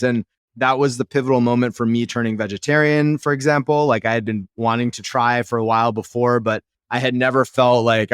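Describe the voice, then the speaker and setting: Guy in his 30s hosting a podcast, smooth clear voice, dry sound, gets excited and talks fast. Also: mid-range voice, dry recording. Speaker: podcast host. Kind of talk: casual conversational interview.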